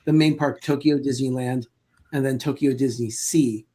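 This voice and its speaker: A man's voice: mid-range voice, steady tone, moderate pace, warm tone. A man co-hosting a casual live chat show, sharing trivia in a friendly way. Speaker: podcast co-host.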